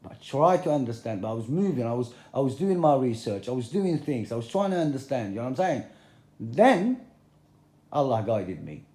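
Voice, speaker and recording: A man's voice: medium pitch, big pitch swings, normal speed, dark tone, roomy sound. A man talking straight to his viewers in a confrontational, repetitive rant, using plain, common speech. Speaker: video blogger. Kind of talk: direct-to-camera religious rant.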